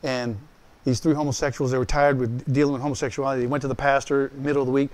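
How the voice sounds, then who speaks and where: Animated storytelling pastor, a man. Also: medium pitch, fast talker. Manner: animated storytelling, acting out quoted voices; direct and conversational with listeners. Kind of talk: personal testimony sermon.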